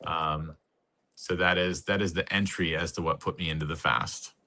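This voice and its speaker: A man as a podcast guest, telling a personal story earnestly and slowly, with heavy pauses. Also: extremely low pitch, fairly even intonation, bright, forceful tone.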